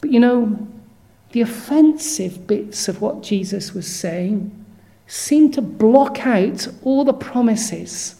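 A woman delivers a sermon at an unhurried, deliberate pace, earnest and measured. Her voice sits fairly high yet has a mellow, warm tone. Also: lively intonation, creaky. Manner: earnest, measured, reads scripture verses aloud. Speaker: preacher.

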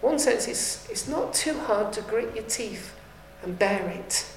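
Woman preacher delivering a sermon with earnest fervour; slightly high voice, roomy echo. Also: animated, unhurried, faint music behind. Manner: earnest, rising to fervent appeals. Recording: echoey room.

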